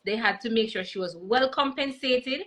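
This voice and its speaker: The guest is a Jamaican woman comedian recounting stories in a casual video-call interview, switching between patois and English. She speaks at normal speed with a fairly high, slightly bright voice over a low-quality recording.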